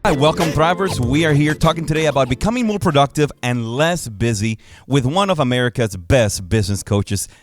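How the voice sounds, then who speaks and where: A man's voice: medium pitch, lively intonation, brisk. A man co-hosting a business talk show, upbeat and chatty. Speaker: co-host. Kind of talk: casual chat.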